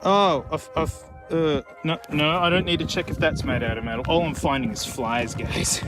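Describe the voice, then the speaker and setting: An Australian man chatting casually outdoors in remote bushland, rambling excitedly and joking with the things he finds. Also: a little high, normal speed, over music. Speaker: YouTube host. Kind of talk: casual vlog commentary.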